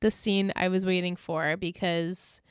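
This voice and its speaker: A woman's voice: lowish voice, level tone, a little slow, clean tone, no echo, studio quality. A woman co-hosting a podcast, retelling episode scenes in casual chat, laughing often and acting out the characters' lines. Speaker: podcast co-host.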